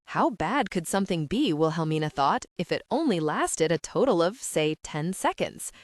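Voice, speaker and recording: A woman narrating a young-adult audiobook in an animated, characterful storytelling manner. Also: lowish voice, normal speed, no echo. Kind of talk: scripted narration.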